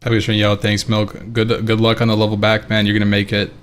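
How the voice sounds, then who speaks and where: A man streaming a game late at night, telling a story in a casual, animated, profane ranting way and laughing along. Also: lowish voice, quick pace, clean tone.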